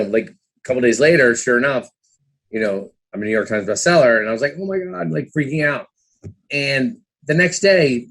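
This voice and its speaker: Chatty man around fifty telling stories. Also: medium pitch. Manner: chatty, many "you know"s, acts out his own past thoughts. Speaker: guest, former trader and author. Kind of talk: casual interview storytelling.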